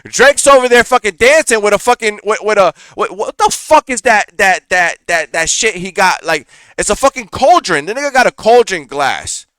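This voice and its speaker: Bright, animated male reaction-show host. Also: sits high, moderate pace, few pauses, smooth, no room sound, studio quality. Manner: profane, animated rant with frequent fillers. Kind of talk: casual reaction commentary.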